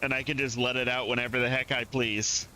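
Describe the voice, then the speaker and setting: A man's voice: mid-range voice, flat delivery, a little fast, sharp tone, slight background noise. A man from the southern United States chatting and reacting aloud as he streams live gameplay, keeping a mostly neutral way of speaking.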